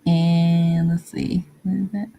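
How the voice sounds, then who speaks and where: A woman hosting a casual livestream, answering viewer comments in a meandering, easygoing way with frequent pauses. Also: lowish voice, flat delivery, mellow, highs cut off, a little hiss or hum. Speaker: livestream host. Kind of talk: casual live-stream chat, reading viewer comments.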